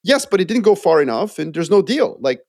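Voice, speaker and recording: Animated man talking geopolitics, dry sound. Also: high-pitched, a little fast, vocal fry, dry recording. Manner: animated, acts out quoted voices. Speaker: podcast co-host. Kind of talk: casual geopolitical chat.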